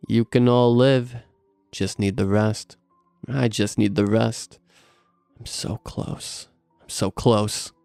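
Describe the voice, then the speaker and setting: A man doing a slow, coaxing axe killer. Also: on the low side, fairly even intonation, creaky, mellow, no room sound, soft background music. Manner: slow, falsely soothing taunts. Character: menacing male axe killer, coaxing and cruel.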